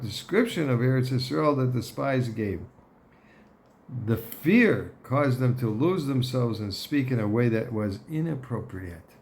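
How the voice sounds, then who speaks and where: A man explaining a Torah passage at an unhurried pace, with a gravelly edge to his voice. He talks deliberately, clears his throat often and checks in with "okay?" A faint hum of room noise sits behind him. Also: medium pitch, a little mellow. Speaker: Torah teacher.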